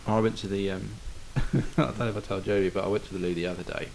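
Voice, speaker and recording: A man's voice: on the low side, fairly even intonation, quick pace, creaky, a little mellow. A man hosting a casual podcast chat, talking with hesitant fillers and frequent laughter. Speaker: podcast host. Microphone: failing podcast mic. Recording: hissy mic noise.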